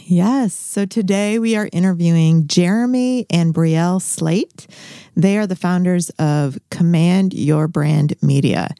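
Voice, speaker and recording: Low-voiced playful female podcast co-host. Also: unhurried, mellow, no echo, studio quality. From Bolivia. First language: Spanish. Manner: laughing, playful banter. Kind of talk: casual chat.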